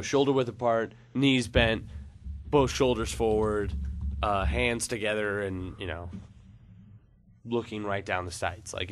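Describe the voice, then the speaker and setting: On a casual podcast, a man spins a long funny story, rambling with lots of "like" and "uh" and laughing at his own tale. His voice sits on the low side, and there's a little hiss or hum in the recording.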